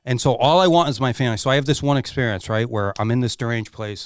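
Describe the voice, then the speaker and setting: A man's voice: mid-range voice, quick pace, hardly any pauses, clear, resonant tone, no room sound, studio quality. A middle-aged man speaking as a podcast guest, telling a candid personal story in an earnest, emotional way and swearing freely.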